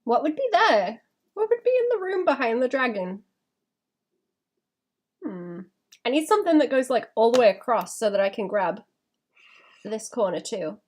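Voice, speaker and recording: A woman's voice: a little high, very animated, darkish tone. Chatty woman thinking aloud. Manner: chatty, thinking aloud, quick laughs and restarts. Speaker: illustrator streaming her drawing. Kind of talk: casual live-stream chat while drawing.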